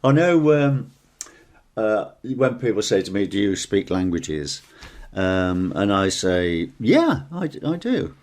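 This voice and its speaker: A middle-aged man chats in a relaxed, rambling way as co-host of a casual talk show. His voice sits low, and his pitch swings widely as he talks. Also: takes it slowly. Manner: rambling, chatty, fond of accents. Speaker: podcast co-host. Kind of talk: casual chat.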